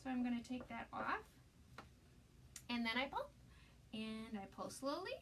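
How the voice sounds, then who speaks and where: A woman demonstrating a craft project on a live stream, gushing with excitement and greeting viewers by name. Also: a little high, measured pace, distant mic, slight background noise.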